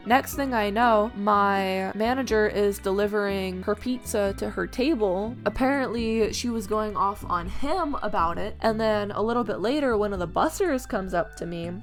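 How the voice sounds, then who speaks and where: A woman's voice: mid-range voice, normal speed, hardly any pauses, faint music behind. A young woman telling work stories in a chatty, casual vlog, full of "like"s and acted-out quotes. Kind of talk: casual storytime over gameplay.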